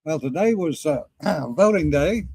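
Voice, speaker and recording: A man's voice: on the high side, expressive, unhurried, creaky, dark tone, slightly rough, no room sound. A man co-hosting a casual livestream chat, telling stories and laughing often. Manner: chatty storyteller, laughs often. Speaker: podcast co-host.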